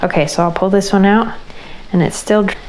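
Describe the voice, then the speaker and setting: A woman hosting a crafting channel, explaining an ice-dye project as she works in a relaxed way. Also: mid-range voice, fairly quick, slight background noise, rough recording. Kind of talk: casual craft tutorial.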